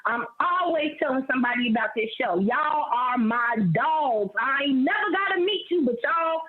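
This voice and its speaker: A woman's voice: high-pitched, lively intonation, normal speed, slightly rough. A middle-aged woman from Ohio with a Midwestern accent, calling into a live show and chatting in slangy, playful talk full of laughs. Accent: Midwestern American. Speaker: caller. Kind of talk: casual chat. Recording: dull lo-fi call audio.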